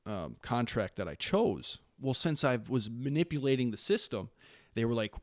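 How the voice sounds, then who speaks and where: A man in his late thirties, originally from Wisconsin, tells stories as a podcast guest in a relaxed and lively way. He often restarts his sentences and does the voices of the people in his stories. The recording is dry and close, with no room sound. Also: mid-range voice, normal speed, dry recording. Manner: animated storyteller who acts out quoted lines, with frequent restarts. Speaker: podcast guest, Marine staff sergeant. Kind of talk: casual storytelling interview.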